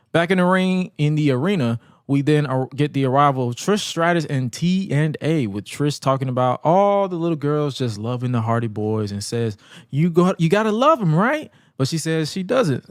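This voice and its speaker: A man's voice: medium pitch, no echo. Male co-host, laid-back slangy storyteller who laughs a lot; dry, close mic. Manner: animated, acts out quotes in exaggerated voices; laughs often, casual slang. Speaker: podcast co-host. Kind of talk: casual wrestling recap.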